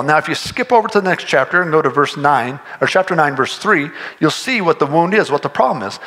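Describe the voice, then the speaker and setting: A man's voice: on the high side, lively intonation, brisk, hardly any pauses, bright, forceful tone, low-quality recording. A man preaching a sermon, earnest and conversational, often restarting his sentences and pushing toward emphatic points. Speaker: pastor.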